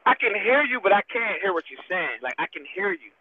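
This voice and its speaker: Guy on a crackly phone line, high and lively voice, blunt and repetitive. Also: a little fast. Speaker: call-in debater. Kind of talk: casual debate over a call. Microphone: phone call. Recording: tinny phone line with faint hiss.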